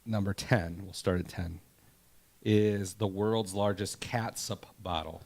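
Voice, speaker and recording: A man's voice: deep voice, steady tone, slow pace, darkish tone. A man co-hosting a casual podcast, rambling and reading facts aloud with laughs. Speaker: podcast co-host. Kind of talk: casual chat.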